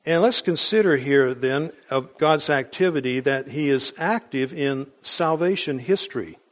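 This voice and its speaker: A man preaching a sermon in a measured, explanatory way, with small restarts as he goes. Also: mid-range voice.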